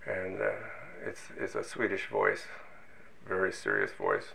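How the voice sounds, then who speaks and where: A man's voice: sits low, very animated, measured pace, creaky, pushed and bright, low-quality recording. An older man from Minnesota recounting his scientific career in a storytelling way, with self-deprecating humor and frequent false starts. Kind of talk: oral history storytelling.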